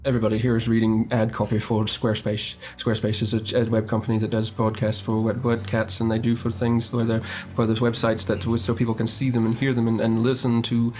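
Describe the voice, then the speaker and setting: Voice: medium pitch, completely flat delivery, brisk, few pauses, darkish tone, soft background music. A podcast co-host reading a rambling, absurd sponsor spot. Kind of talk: comedy podcast banter.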